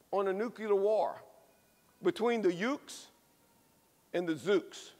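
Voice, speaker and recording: High-voiced pastor preaching in an echoey church. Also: male voice. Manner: lively storytelling with emphatic repetition. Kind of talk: sermon.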